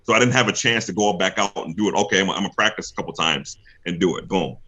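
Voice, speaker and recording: Brief: young man, low and forceful voice, animated storyteller who acts out the other people in his stories. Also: fast talker, slightly rough. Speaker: guest, pro wrestler. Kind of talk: casual interview storytelling.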